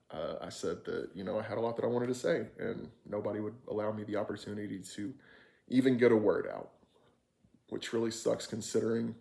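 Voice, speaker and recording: A man with a low, gravelly voice tells a casual story straight to the camera. He sounds frustrated and candid, swears freely, and rambles with many fillers and false starts. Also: darkish tone. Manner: rambling with frequent fillers and restarts. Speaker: vlogger recounting an experience.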